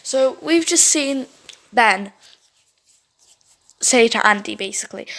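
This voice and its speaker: High-voiced woman reading a story game. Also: slow pace, long pauses. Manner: expressive, reacts with laughs and exclamations. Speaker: gaming YouTuber.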